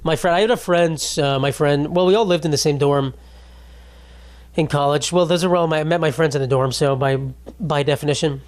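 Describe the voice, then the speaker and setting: A man's voice: on the high side, a little fast. A young man hosting a casual solo podcast, rambling and swearing, often mocking himself. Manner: rambling, profane, self-mocking. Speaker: podcast host.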